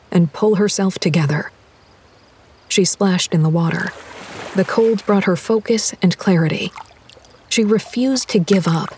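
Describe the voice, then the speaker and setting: A woman's voice: mid-range voice, mellow, slight background noise. Woman narrating a horror audiobook.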